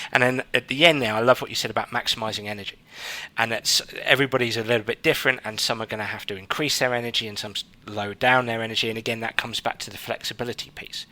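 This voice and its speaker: A male podcast host talking in an animated, casual way, often restarting his sentences and filling gaps with short fillers. His voice is bright and forward, recorded close with a dry, roomless sound. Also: mid-range voice, no room sound. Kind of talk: casual interview chat.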